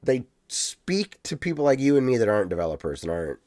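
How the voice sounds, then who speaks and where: A man co-hosting a podcast in casual chat, animated and rambling, swearing now and then. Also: medium pitch, quick pace, dry recording, clean studio sound. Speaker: podcast co-host.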